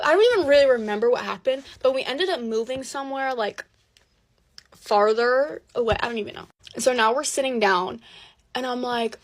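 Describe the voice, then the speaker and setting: A teenage girl telling a dramatic personal story in a chatty, animated way, full of "like" fillers. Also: on the high side, brisk. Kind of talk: casual storytime.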